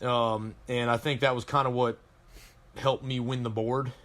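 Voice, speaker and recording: A man's voice: mid-range voice, level tone, unhurried, fairly bright tone. Rambling, profane Marine veteran man. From Colorado, USA. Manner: rambling, profane war-story telling. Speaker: podcast guest, Marine veteran. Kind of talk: casual chat.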